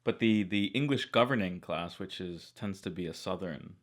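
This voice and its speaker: American man, co-host, reaction chat, very deep voice, measured questions. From United States. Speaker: channel co-host.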